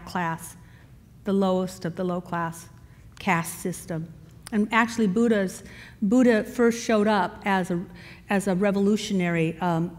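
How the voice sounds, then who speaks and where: Woman minister preaching in a big echoing hall. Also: fairly low pitch. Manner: storytelling, conversational with asides to the congregation. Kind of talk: sermon. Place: church sanctuary. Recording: long reverb in a large hall.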